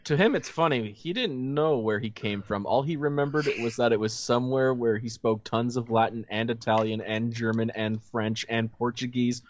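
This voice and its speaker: A man's voice: medium pitch, moderate pace, few pauses. Man reading a story aloud, wry. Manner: reads aloud and breaks off into joking asides. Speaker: reader and co-host. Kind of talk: comedic read-along with commentary. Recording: dull lo-fi audio.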